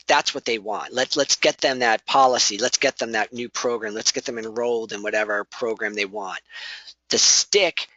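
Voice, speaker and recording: A man's voice: medium pitch, fairly even intonation, normal speed, bright, forceful tone, dry recording, low-quality recording. A man giving a conversational workplace training talk, often restarting sentences and acting out sample lines.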